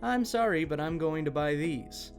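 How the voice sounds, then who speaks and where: A man's voice: a little high, lively intonation, normal speed, faint music behind. A man voicing a polite, apologetic woman shopper with a hurt foot in a read-out story.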